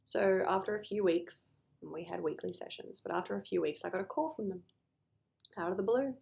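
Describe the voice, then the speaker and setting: A woman's voice: medium pitch, fairly quick, creaky, darkish tone. A woman therapist talking earnestly to camera about noticing emotions, sometimes acting out conversations with clients.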